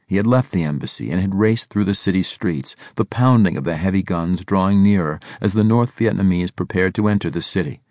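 An audiobook narrator, male, reads a scripted story in a steady, measured manner. His voice is low, and the clean studio recording has no room sound.

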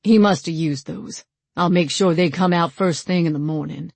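A woman voicing a capable man who gives brisk orders and medical assessments in an audiobook. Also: fairly low pitch, gravelly, a little mellow, no room sound. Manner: brisk, commanding.

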